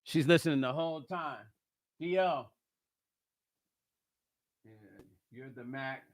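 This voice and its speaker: A middle-aged man, a musician and producer, chatting casually in a vlog while he builds a track, excitable and slangy, forever saying hold on. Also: on the high side, slow pace, no room sound, clean studio sound. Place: music studio.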